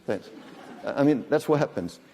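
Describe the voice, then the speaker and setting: In a large conference hall, a man in his fifties delivers a live lecture full of jokes and audience questions, in a conversational style. His medium-pitched voice is animated and warm at a normal speed, over long hall reverb and slight background noise.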